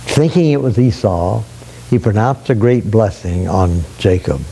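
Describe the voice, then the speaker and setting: A man preaching a sermon, retelling a story in an unhurried, folksy way with frequent restarts and repeated words. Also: lowish voice, lively intonation, gravelly, mellow, breathy edge.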